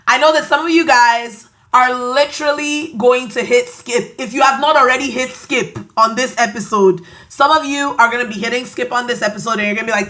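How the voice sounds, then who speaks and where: A woman's voice: high-pitched, fairly bright tone. A woman with a Nigerian accent hosting a podcast, giving an emphatic, preachy motivational monologue with playful asides. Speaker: podcast host.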